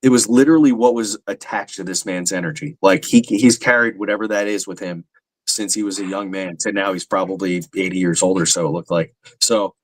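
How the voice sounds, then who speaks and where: A man's voice: low voice, fairly even intonation, brisk, no echo. A man co-hosting a podcast, telling a rambling anecdote with lots of fillers. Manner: rambling, self-deprecating, many fillers. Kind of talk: casual chat, anecdote.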